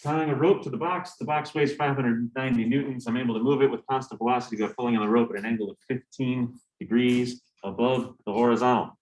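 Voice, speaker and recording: A man's voice: medium pitch, steady tone, fast talker, few pauses, darkish tone. Man, physics professor, classroom lecture, candid, joking, roomy echo. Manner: candid, exasperated asides, joking.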